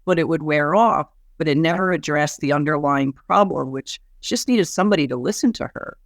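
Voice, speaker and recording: A woman psychiatrist talking about a patient as a guest in a conversation, animated and restarting her sentences often. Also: deep voice, brisk, dry recording, clean studio sound. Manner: animated, with frequent restarts and soft laughs. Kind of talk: conversational case storytelling.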